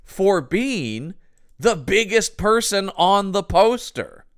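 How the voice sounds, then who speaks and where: A man's voice: high voice, big pitch swings, takes it slowly, fairly bright tone, clear, resonant tone. A man co-hosting a podcast, talking casually and animatedly, with some swearing. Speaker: podcast co-host. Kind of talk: casual chat.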